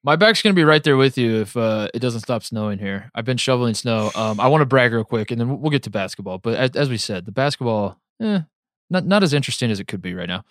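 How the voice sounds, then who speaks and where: A man's voice: mid-range voice, expressive, quick pace, fairly bright tone, no room sound, clean studio sound. A man co-hosting a podcast in casual chat, rambling and self-mocking with frequent restarts. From American Midwest. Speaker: podcast co-host.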